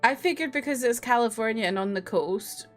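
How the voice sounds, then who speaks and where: A woman's voice: on the high side, a little fast, faint music behind. A young woman with a Scottish accent, chatting casually with her livestream chat from home, laughing and swearing now and then. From Scotland. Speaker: streamer. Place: home room.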